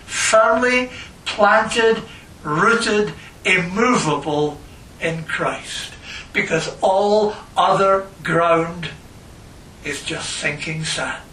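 A man preaching a sermon and reading scripture, slow and emphatic, repeating phrases for stress. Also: fairly high pitch, bright, forceful tone, slight background noise. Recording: echoey room, voice from a distance.

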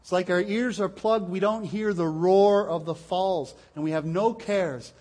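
Male preacher delivering a sermon, slightly higher voice, earnest, repeats words for emphasis. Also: a little slow, a little mellow. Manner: earnest, repeats words when stressing points.

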